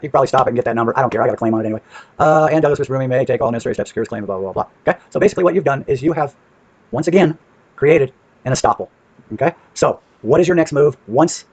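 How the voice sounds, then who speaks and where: A man's voice: medium pitch, darkish tone, husky, no room sound. A man with a brash, profane manner, casually walking through paperwork on screen and asking and answering his own questions.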